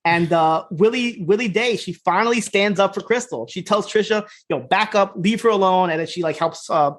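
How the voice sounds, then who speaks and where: A man co-hosting a podcast, casually retelling scenes in a loose, fast way, slipping into quick quoted voices and laughing. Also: high voice. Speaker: podcast co-host. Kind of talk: casual recap chat.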